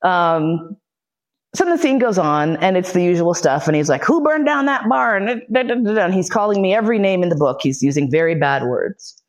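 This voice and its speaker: A podcast host recounts a personal story with blunt, profane candor, stumbling through fillers and restarts. They act out other people's lines as they go, in a mid-pitched voice that sits neither high nor low. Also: lively intonation, normal speed. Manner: blunt, profane, with frequent fillers and self-interruptions; vivid re-enactment of other people's speech. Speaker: podcast host giving a lecture.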